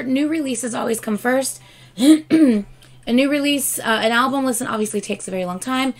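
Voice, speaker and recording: A woman's voice: mid-range voice, vocal fry. A woman hosting a music reaction channel, talking casually to her viewers in a rambling, chatty way full of fillers, with a dry, scratchy throat. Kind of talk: casual talk to camera.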